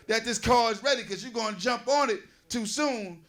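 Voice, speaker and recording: A man's voice: extremely high pitch, moderate pace, fairly bright tone. A man in his forties from New Jersey doing a loose, conversational stand-up set, riffing with the audience on a comedy stage. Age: 40s.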